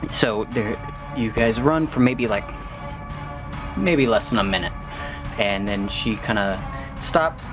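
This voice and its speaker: A man narrating as game master, relaxed and rambling with plenty of fillers. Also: lowish voice.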